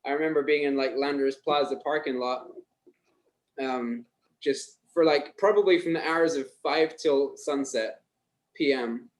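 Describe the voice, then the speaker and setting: A man's voice: fairly high pitch, a little slow, rough recording. A Scottish man in his thirties chatting as a podcast guest. He tells stories at an easy pace and chuckles often. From Scotland. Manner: relaxed, chuckling storyteller. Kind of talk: casual podcast chat.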